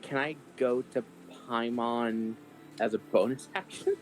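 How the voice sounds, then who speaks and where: A man's voice: mid-range voice, measured pace. A man playing in a tabletop game, chatting casually and rambling with lots of fillers. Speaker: player.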